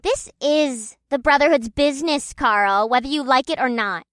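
A woman voicing Becca, a feisty young woman who argues with sharp confidence in an audiobook. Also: sits high, moderate pace, no room sound, studio quality. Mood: impassioned. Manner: assertive, sharp.

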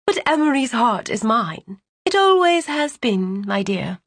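Woman voicing a storybook villainess, sickly sweet, taunting, slow, breathy. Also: fairly high pitch, very animated, no echo, full character voice.

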